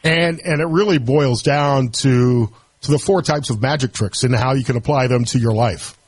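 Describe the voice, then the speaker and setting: A middle-aged man guest-hosting a radio talk show, speaking reflectively and haltingly with many restarts. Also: mid-range voice, no echo. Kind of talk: radio interview.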